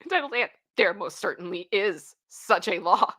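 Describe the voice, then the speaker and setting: A woman with a medium-pitched voice speaks at a moderate pace, casually commenting as she reads stories aloud. She delivers quotes with animation, breaking into laughter and exclamations of disbelief.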